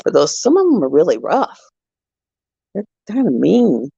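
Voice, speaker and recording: Middle-aged woman hosting a home livestream, gravelly voice, rambling chatty delivery, muffled lo-fi sound. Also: on the low side, huge pitch swings, moderate pace, dark tone, no echo. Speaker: livestream host. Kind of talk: casual chat while crafting.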